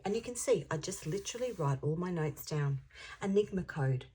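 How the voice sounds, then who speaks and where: A woman with a low, husky voice gives a channeled tarot reading to camera. She talks in a chatty, rambling way and now and then drops into a whisper to drive a point home. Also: animated, moderate pace, mellow. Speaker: intuitive tarot reader.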